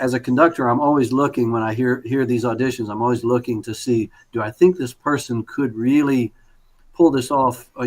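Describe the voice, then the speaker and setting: Male conductor giving glowing feedback. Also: medium pitch. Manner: warm praise, many fillers and restarts. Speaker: conductor and judge. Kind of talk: spoken feedback on a performance.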